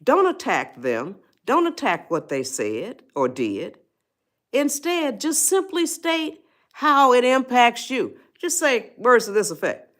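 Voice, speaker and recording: A woman's voice: on the high side, sing-song, slow, a bit bright. A middle-aged woman, hosting a casual motivational livestream and talking straight to her viewers in a folksy way. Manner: folksy, talks straight to viewers, answers chat. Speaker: livestream host giving life advice.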